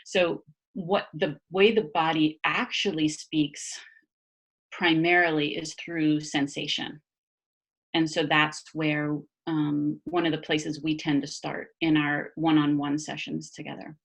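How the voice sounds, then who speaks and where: A low-voiced woman talks casually as a body-mind therapist guest. Her delivery is animated, with frequent laughter, fillers and restarts, and she sounds like she is on a video call. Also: slow, creaky. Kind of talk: casual conversational explanation.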